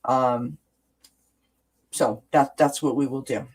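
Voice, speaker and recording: A woman's voice: a bass voice, animated, takes it slowly, heavy background noise. A woman hosting a casual live-stream chat about oracle cards, talking in a rambling way with frequent restarts.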